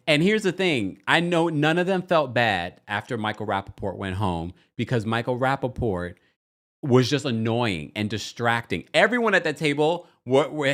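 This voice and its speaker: Animated gossipy male podcast host. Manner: animated, gossipy, acts out quotes with big pitch swings. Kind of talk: casual recap chat to a live audience.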